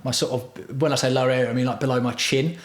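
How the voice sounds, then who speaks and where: A man chatting on his livestream in a rambling, foul-mouthed, self-mocking way. His pitch is middling for a man. The sound echoes around a roomy home room. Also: fairly even intonation, fast talker. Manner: profane, crude, self-mocking storytelling. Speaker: livestream host. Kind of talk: rambling casual livestream chat.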